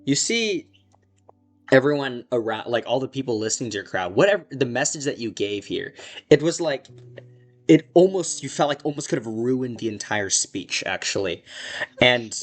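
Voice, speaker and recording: A man's voice: mid-range voice, expressive, normal speed, faint music behind. A man running a tabletop game as game master, narrating scenes in a loose, rambling way with many fillers.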